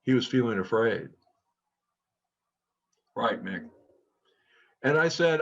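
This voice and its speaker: A man's voice: mid-range voice, slow, long pauses. A middle-aged man telling a personal story earnestly to a group as a trainer. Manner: earnest, quotes people in lively tones. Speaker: co-founder and trainer. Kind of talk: storytelling talk. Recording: dull lo-fi sound.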